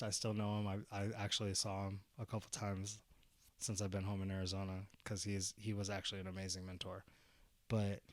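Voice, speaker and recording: Young male guest, slow, animated storyteller, dry close sound. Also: fairly low pitch, dry recording. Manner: animated storyteller, swearing, laughing, acting out voices. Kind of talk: casual storytelling chat. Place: Arizona.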